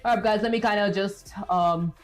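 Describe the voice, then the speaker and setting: A woman streams herself writing code and chats loosely with viewers as she works. Her voice sits in a middle pitch and she rambles, filling gaps with stock filler words. Soft music plays underneath. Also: steady tone, normal speed. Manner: chatty, rambling, with filler words and self-talk. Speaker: streamer coding live. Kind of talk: casual livestream commentary while coding. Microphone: streaming setup with webcam.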